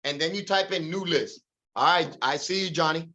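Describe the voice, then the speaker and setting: A man's voice: on the high side, normal speed, lo-fi sound. A man leading a real estate sales meeting over a video call, calling on team members by name and pushing them to keep going. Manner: energetic, calls on people by name.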